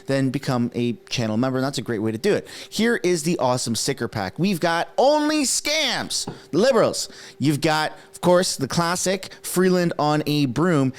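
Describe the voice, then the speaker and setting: A man in his thirties, a French native speaker, hosting a political commentary vlog in a casual, excitable and mocking way. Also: a little high. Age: 30s. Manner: excitable, mocking, quick bursts of enthusiasm. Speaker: political commentary channel host.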